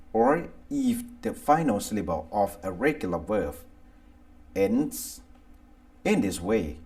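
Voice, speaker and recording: A man with a Thai accent reading an English grammar lesson, going deliberately through lists of verbs one by one. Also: lowish voice, darkish tone. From Thailand. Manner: slow, deliberate, reads word lists aloud one by one. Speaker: English teacher. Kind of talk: slow scripted grammar lesson.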